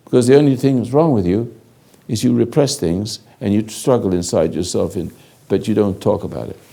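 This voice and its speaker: Older man, spiritual teacher, slow commanding lecture, raspy fry, dark tone. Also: on the low side. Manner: slow, halting, commanding, speaks directly to a listener.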